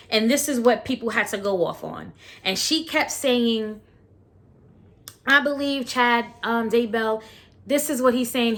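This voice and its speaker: A woman's voice: medium pitch, a bit bright. Blunt, slangy woman vlogger. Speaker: documentary reaction vlogger. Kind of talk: casual reaction commentary.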